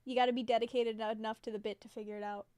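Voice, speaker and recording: Young woman, livestream chat, rambling, giggly, fairly high voice, smooth and clean, dry close sound. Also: flat delivery, quick pace, a little mellow, no echo. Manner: rambling and giggly, many fillers like "like". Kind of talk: casual chat with live viewers.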